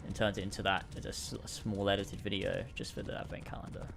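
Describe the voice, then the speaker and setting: A man's voice: lowish voice, flat delivery, fast talker, vocal fry, noisy background. A young man casually commenting while playing a video game, sarcastic and swearing freely as he rants about its missions. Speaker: gaming streamer. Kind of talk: casual let's-play commentary.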